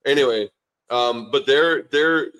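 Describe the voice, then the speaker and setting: A man's voice: medium pitch, takes it slowly, a bit bright, smooth. A middle-aged man from Canada, a former lineman and coach, chatting casually as a podcast guest and rambling through stories with lots of fillers and restarts. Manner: easygoing, rambling storyteller with many fillers and restarts.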